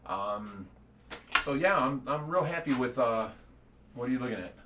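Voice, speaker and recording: A man's voice: mid-range voice, lively intonation, moderate pace, noisy background. A middle-aged man from the United States giving a casual livestream update, rambling and repeating words, with laughs between his stories. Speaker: fish rescue owner giving an update.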